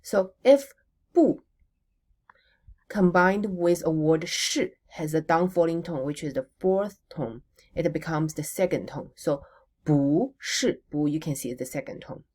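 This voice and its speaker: Woman language teacher, deep-pitched, slow and patient, drills words and answers her own prompts. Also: animated, darkish tone. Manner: models words slowly for repetition, asks questions and answers them herself. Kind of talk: recorded language lesson.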